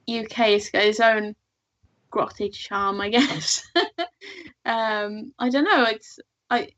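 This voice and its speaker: A woman's voice: mid-range voice, a bit bright, no room sound. A woman, chatting easily as a guest in an interview and laughing often. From Sweden. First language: Swedish. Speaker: guest artist. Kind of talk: casual interview chat. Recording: dull lo-fi sound.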